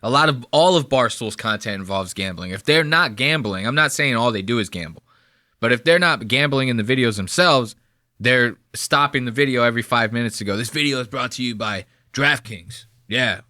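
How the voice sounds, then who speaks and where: A man's voice: mid-range voice, expressive, brisk, bright, forceful tone, dry recording, studio quality. Ranting profane man in his thirties. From New Jersey. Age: 30s. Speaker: commentary host. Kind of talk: casual reaction commentary.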